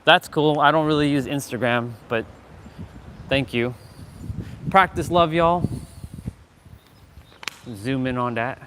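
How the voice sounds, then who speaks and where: A man preaching on his own livestream with a fired-up, swearing intensity, calling out viewers in the chat one by one. His voice sits at an ordinary middle pitch, and faint outdoor noise carries behind him. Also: takes it slowly, long pauses, a bit bright. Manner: calls out chat viewers directly. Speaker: livestream host. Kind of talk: live motivational talk to chat.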